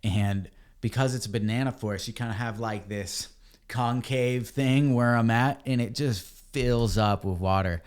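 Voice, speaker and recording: A man, a podcast guest, telling a story in a casual, animated way and calling people dude and man. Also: mid-range voice, moderate pace. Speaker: podcast guest, ebike company cofounder.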